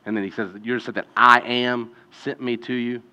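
A man's voice: mid-range voice, flat delivery, brisk, bright, forceful tone, clear, resonant tone. A man preaching a conversational sermon as a pastor, talking casually and then building to emphatic peaks. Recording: dull lo-fi sound with long hall reverb.

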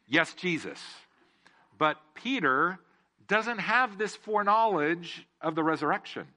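Male pastor, bright tone, slightly high voice, jokey, asks the congregation questions. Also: unhurried. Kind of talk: casual sermon with humor.

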